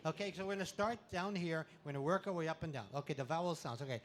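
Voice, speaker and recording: A man giving a playful talk to an audience at an expo, full of deadpan puns and laughter exercises, speaking into a handheld mic. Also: a little high, fast, hardly any pauses. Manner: pun-filled deadpan jokes. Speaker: comedic spiritual speaker.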